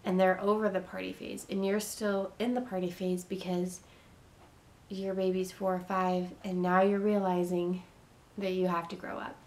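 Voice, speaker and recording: A woman's voice: on the low side, level tone, normal speed, darkish tone. A young woman vlogging earnest, repetitive, reassuring advice to teen parents in a casual way. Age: young adult.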